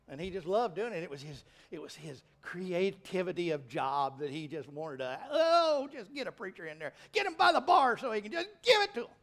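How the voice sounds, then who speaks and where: Animated preacher man, high lively voice. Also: moderate pace, hardly any pauses. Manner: folksy, animated preaching with rising emphatic peaks. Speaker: pastor. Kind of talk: sermon.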